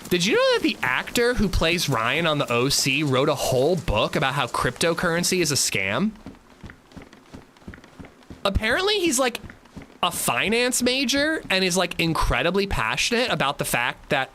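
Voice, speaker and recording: A male livestream host with a fairly high, bright voice that swings freely up and down as he talks. He tells profane, animated stories and chats with his viewers between moments of play. Faint noise sits under the voice. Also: fairly quick. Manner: chats with viewers while playing. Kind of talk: casual livestream chat.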